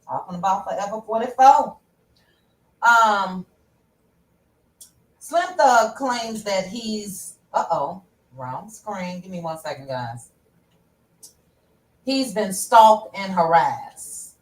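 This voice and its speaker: A woman's voice: mid-range voice, lively intonation, slow pace, long pauses, roomy sound, recorded from a distance, low-quality recording. A woman hosting a casual livestream, chatting directly with her viewers about pop culture news. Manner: chatty, talks straight to viewers. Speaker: host.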